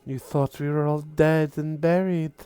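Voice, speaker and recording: Drow spider matron, female, sneering and slow, played by a man; dry close sound. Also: on the high side, level tone, warm tone, clean tone, no room sound, voice pushed up, lightly acted. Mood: taunting. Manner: slow, drawn-out, taunting.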